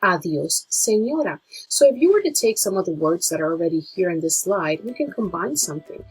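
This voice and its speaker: A woman with a very husky, slightly low voice leads a beginner lesson from slides. She speaks as a nurse teaching colleagues, slowing down and repeating each new word. Soft music plays faintly beneath her. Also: sing-song, poor audio. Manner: slow, drawn-out pronunciation of Spanish words. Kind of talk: slide-based language lesson.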